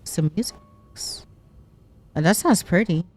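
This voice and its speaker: A woman's voice: lowish voice, expressive, unhurried, a little mellow, a little hiss or hum. Woman reading game letters aloud. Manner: reads on-screen letters aloud, chatty reactions. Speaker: gameplay streamer.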